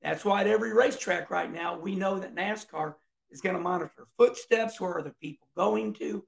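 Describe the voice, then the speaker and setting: A middle-aged man, a racing commentator, delivering an emphatic, fired-up rant to camera with loud whoops. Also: high voice, a little fast, vocal fry.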